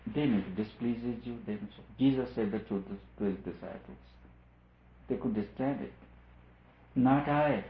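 Male spiritual teacher, low voice, earnest lecturing delivery, echoey room over a tinny, phone-like line. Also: normal speed. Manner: earnest, repetitive, lecturing with rhetorical questions. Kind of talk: spiritual discourse.

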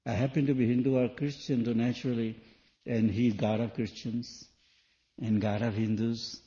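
Mellow-voiced man preaching, lo-fi. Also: medium pitch, steady tone, normal speed. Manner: questioning, earnest, with shifts between soft and loud. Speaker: spiritual teacher. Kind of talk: sermon. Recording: dull lo-fi recording.

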